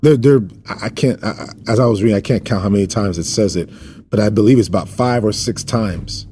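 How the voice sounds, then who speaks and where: A man's voice: on the low side, brisk, warm tone, soft background music. A man teaching a Bible passage in an informal sermon, repeating words for emphasis and joking with his listeners. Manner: repetitive, emphatic, jokes and asides to viewers. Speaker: preacher teaching a Bible study.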